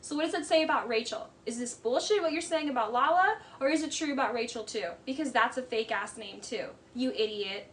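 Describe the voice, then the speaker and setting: Woman, high voice, casual reaction commentary, blunt, scornful, animated, lots of "like" fillers. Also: brisk, few pauses. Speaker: commentary host.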